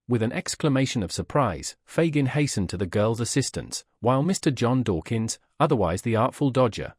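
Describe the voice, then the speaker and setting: A male audiobook narrator reads a classic novel with expressive storytelling. His voice is husky and moves through lively pitch swings. The recording is dry and close. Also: no echo. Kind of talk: scripted narration.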